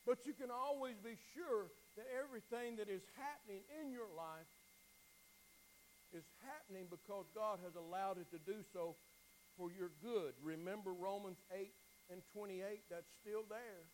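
A man preaching with a very high-pitched voice, his delivery impassioned and uneven. He climbs to near-shouted pleading, then sinks to hushed, quiet lines. He often repeats words and restarts phrases as he builds. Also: moderate pace, slight background noise, low-quality recording. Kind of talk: sermon.

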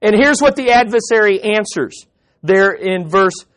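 Pastor, male, high voice, delivers an emphatic sermon full of rhetorical questions. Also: animated, measured pace, fairly bright tone.

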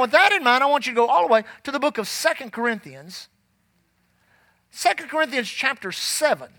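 A man preaching a sermon in a folksy, emphatic way, slowing down to read scripture aloud. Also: very high-pitched, pushed and bright, dry recording. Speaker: pastor.

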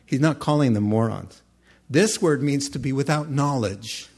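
Male pastor, casual animated sermon delivery, mid-pitched voice, acts out quick character lines. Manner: conversational, animated preaching with acted-out voices.

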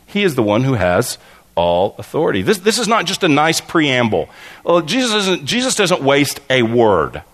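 A man preaching a sermon, telling stories with animated, stammering delivery and acting out the voices in his anecdotes. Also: medium pitch, normal speed. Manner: stammers and restarts often. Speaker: pastor.

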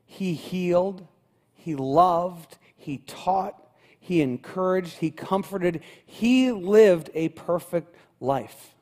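A man delivers a sermon from the pulpit, his voice slightly higher than most men's. He builds rhythm through repetition, pushing louder and then dropping low. The sound rings with the long reverb of a church sanctuary. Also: drawn-out words. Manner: rhythmic preaching with repeated phrases and wide swings in loudness. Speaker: pastor.

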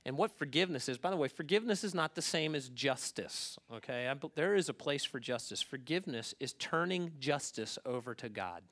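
A man preaching a sermon in a conversational way, often checking in with his listeners and swinging between hushed asides and loud, emphatic bursts. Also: mid-range voice, expressive, brisk, hardly any pauses. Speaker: pastor.

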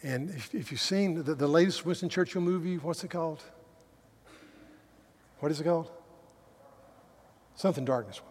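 Pastor preaching in an echoing hall. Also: male voice, fairly high pitch, moderate pace, long pauses. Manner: stumbling restarts, swings from loud emphasis to soft asides. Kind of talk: sermon. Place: church sanctuary. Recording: long reverb of a large hall.

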